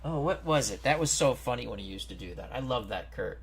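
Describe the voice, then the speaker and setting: A man hosting a football strategy game stream, reading out team rosters and greeting viewers in a chatty, unhurried way. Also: mid-range voice, lively intonation, gravelly, slight background noise. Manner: slow, chatty, greets viewers and stumbles over names. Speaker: host. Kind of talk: casual game commentary.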